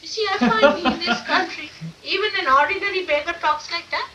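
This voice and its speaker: A woman's voice: very high voice, fairly quick, pushed and bright. Emphatic woman teacher on an old distant tape. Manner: emphatic, full of rhetorical questions. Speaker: spiritual teacher. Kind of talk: informal talk to followers. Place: meeting room of an ashram. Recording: distant mic with faint hiss, old 1979 tape.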